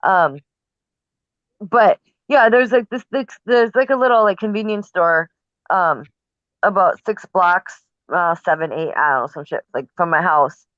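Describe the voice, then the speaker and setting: A man's voice: sits high, a bit bright, no echo. A man in casual chat who swears constantly and rambles, stopping and restarting. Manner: profane, rambling, halting. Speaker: live stream participant. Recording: dry lo-fi stream audio.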